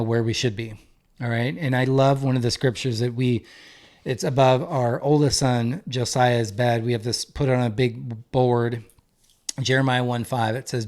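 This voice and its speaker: A man's voice: medium pitch, darkish tone. A man in his thirties, a marriage coach, giving an earnest, emphatic faith-based talk and repeating key phrases for weight. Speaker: marriage coach and podcast co-host.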